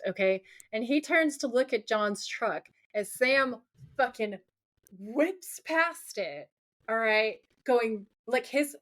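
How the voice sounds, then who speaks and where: A woman co-hosting a casual podcast, recapping a TV episode in an animated, profane way and dropping into a gruff low voice for quoted lines. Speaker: podcast co-host.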